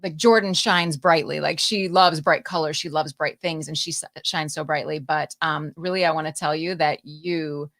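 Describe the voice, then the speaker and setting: A woman's voice: sits low, steady tone, moderate pace, few pauses, fairly bright tone. A woman hosting a live-streamed interview podcast, talking in an effusive, encouraging way and gushing with praise. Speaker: podcast host.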